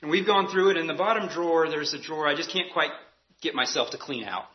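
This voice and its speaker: A man's voice: on the high side, fast talker, lo-fi sound. A man preaching a sermon as pastor, earnest and emphatic, repeating key phrases for weight.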